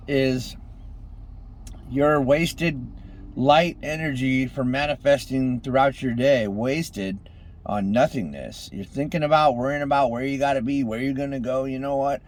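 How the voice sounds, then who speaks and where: A man giving an impassioned motivational monologue, swinging between loud exhortation and hushed intensity, calling on the listeners as ladies and gentlemen. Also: mid-range voice. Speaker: street preacher-style motivational speaker.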